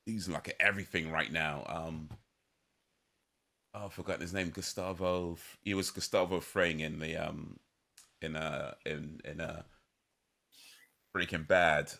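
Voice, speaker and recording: A man's voice: very deep voice, fairly even intonation, unhurried, gravelly, pauses often, sharp tone. A man hosting a podcast in casual chat, talking hesitantly with many ums and restarts. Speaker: podcast host.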